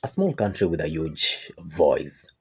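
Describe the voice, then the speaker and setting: A man hosting a reaction video, speaking in a reflective, expressive commentary style. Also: extremely low pitch, measured pace, breathy edge. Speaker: reaction channel host.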